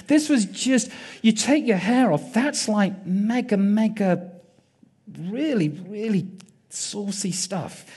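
A man preaching, retelling a story vividly and dramatically with pauses and repetition. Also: high voice, a little mellow, breathy edge. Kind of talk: sermon storytelling.

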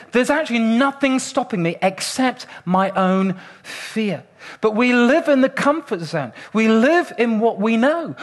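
An Englishman speaking on stage to an audience, telling a humorous story in a playful, self-mocking way with dramatic pauses. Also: sits high. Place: stage before a live audience.

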